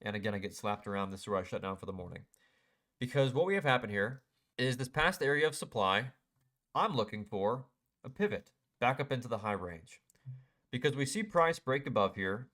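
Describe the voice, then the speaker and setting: A man's voice: mid-range voice, lively intonation, a little fast, fairly bright tone. Man, young adult, trading recap vlog, mid voice, self-critical and irritated with his losses. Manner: self-critical, frustrated, talks through chart mistakes. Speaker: day trader. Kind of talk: casual screen-share trade recap.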